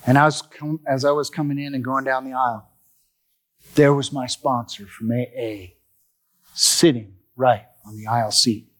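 A man's voice: medium pitch, fairly even intonation, moderate pace, a bit bright. A man giving a personal recovery testimony, telling his story expressively and acting out the dialogue. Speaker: testimony speaker.

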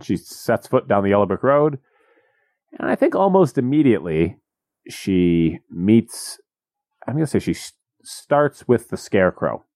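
A man recapping a movie in casual comedic chat, deadpan and jokey, slipping into silly voices. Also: fairly low pitch, measured pace, dry recording, studio quality. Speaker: podcast co-host.

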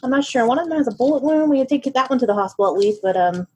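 A woman's voice: sits high, animated, rapid-fire, darkish tone, breathy edge, highs cut off. A woman voicing a chatty clerk at a police station front desk, rambling with lots of fillers. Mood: gossipy.

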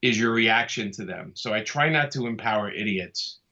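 A man's voice: lowish voice, normal speed, bright, forceful tone, dull audio. A man from Brooklyn, talking casually and easygoingly as an interview guest, often laughing as he speaks. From Brooklyn, New York. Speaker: comic artist guest.

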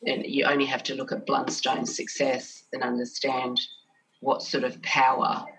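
A middle-aged woman talks through her answers in a measured, thoughtful way. Her voice sits very low and stays flat and even. She is heard a little away from the microphone. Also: distant mic, slight background noise, low-quality recording. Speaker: business development manager, guest. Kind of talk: conversational interview.

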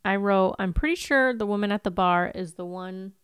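A woman's voice: mid-range voice, moderate pace, clean tone, dry recording, studio quality. A woman co-hosting a casual podcast, playfully chiming in with jokes and agreement. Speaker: podcast co-host. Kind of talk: casual episode recap.

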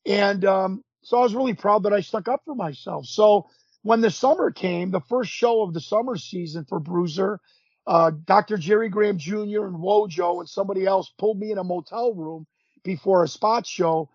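A man in his fifties, a podcast guest, telling stories in an animated way, acting out quotes and often restarting his sentences. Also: sits high, normal speed, no room sound. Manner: animated storyteller, acts out quotes, frequent restarts. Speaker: podcast guest, former pro wrestler. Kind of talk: casual storytelling interview. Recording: dull lo-fi sound.

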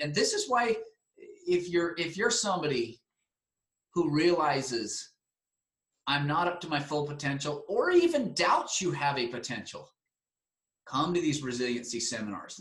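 A man hosting a talk, enthusiastically promoting his seminar in an energetic, animated way. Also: a little high. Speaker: seminar host. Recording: roomy echo.

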